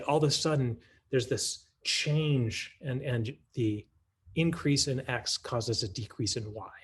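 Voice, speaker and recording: A man's voice: mid-range voice, husky. A man giving a conference talk that models a math lesson, in a teacherly way, thinking aloud with restarts and rhetorical questions. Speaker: math curriculum presenter.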